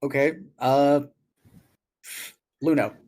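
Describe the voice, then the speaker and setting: A man's voice: mid-range voice, very slow, a little mellow. A man taking part in a tabletop game as a player, explaining rules and his character's actions matter-of-factly.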